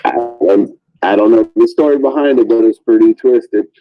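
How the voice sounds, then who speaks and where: A man's voice: on the low side, moderate pace, no echo, phone-quality sound, faint music behind. A man joking crudely with a friend over a voice call. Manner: teasing, crude jokes. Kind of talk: casual chat on voice call.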